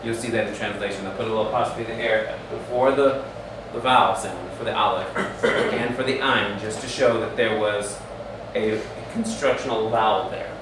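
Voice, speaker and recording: A man's voice: lowish voice, steady tone, moderate pace, few pauses. Man teaching a class in a roomy hall. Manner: patient, drills students with frequent "okay?" checks. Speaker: Hebrew teacher. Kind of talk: classroom lesson. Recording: echoey room from far off, faint hum.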